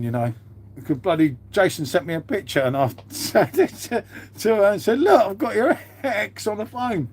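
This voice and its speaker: A man's voice: high-pitched, a little mellow. A man, host of his own livestream, chatting casually and swearing freely. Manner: blokey, swears freely, says "mate" a lot.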